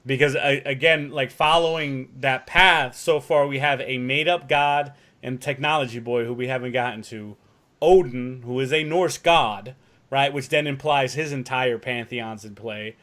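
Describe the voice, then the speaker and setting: Male podcast co-host, mid-pitched, loose and rambling, swears casually. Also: moderate pace, fairly bright tone. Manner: rambling, swears freely, acts out quotes. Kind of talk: casual chat.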